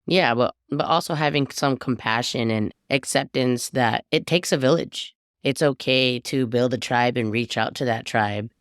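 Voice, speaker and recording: Smooth-voiced man hosting a podcast. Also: mid-range voice, moderate pace, hardly any pauses, fairly bright tone, no room sound, clean studio sound. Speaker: podcast host. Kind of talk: podcast conversation.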